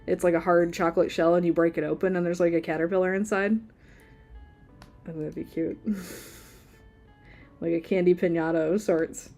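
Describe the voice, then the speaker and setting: Woman, livestream artist, casual rambling chat, playful, low voice, warm tone. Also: steady tone, normal speed, vocal fry, long pauses, faint music behind. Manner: rambling and playful, laughs often. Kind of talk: casual chat while drawing.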